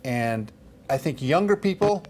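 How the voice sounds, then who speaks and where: Jokey guy in his forties cohosting morning tv, voice all over the place, mid pitch. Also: expressive, a little slow, darkish tone, a little hiss or hum. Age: 40s. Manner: jokey, puts on silly voices. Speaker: morning show co-host. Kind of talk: casual chat.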